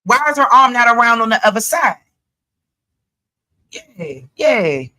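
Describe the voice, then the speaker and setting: Sassy bright-voiced woman commentator. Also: on the high side, fast, low-quality recording. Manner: sassy, animated, talks straight to viewers. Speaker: commentary channel host. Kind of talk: reaction commentary.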